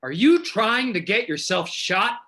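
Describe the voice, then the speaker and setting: A woman's voice: medium pitch, big pitch swings, unhurried, fairly bright tone, echoey room. A woman voicing a male police officer in a play reading, speaking with menace and command. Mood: threatening.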